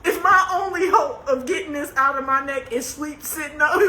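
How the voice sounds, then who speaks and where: A woman with a high-pitched, pushed and bright voice livestreams from her couch at a moderate pace, reading comments and laughing through dramatic complaints about her stiff, sore neck. The phone recording picks up an echoey room and faint noise.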